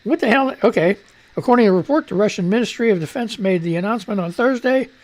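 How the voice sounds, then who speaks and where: A man's voice: high-pitched, animated, quick pace, a little mellow. A man hosting a live radio show, reading news and ranting with profanity while fumbling with his studio mic. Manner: profane, irritable rant, fiddling with the mic. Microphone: studio microphone at shifting distance.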